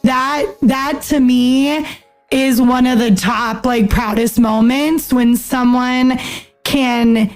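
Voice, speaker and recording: High-voiced woman pastor, chatty. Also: fairly even intonation, slow, faint music behind. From United States. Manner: earnest and chatty, many fillers, acts out quoted speech. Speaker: pastor, podcast guest. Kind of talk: casual interview talk.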